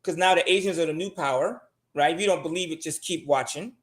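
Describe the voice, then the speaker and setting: A man's voice: on the high side, fast, echoey room. A man talking casually and bluntly as a show guest, swearing often and pressing his money advice with emphasis.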